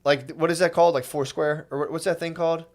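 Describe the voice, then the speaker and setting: A man's voice: on the high side, steady tone, quick pace. A man in his thirties co-hosting a podcast, telling a rambling, profane story and acting out the people in it. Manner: rambling, profane, restarts often, acts out quoted voices. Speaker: podcast co-host. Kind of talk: casual comedic storytelling.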